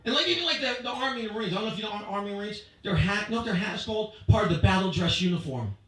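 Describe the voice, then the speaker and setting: A man with a rather high voice delivers a punchy stand-up set, playing to the crowd. His voice rings through a very echoey club, picked up from well off the mic. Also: very fast, distant mic. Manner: punchy, animated crowd work. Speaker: stand-up comedian. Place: comedy club stage before a live audience.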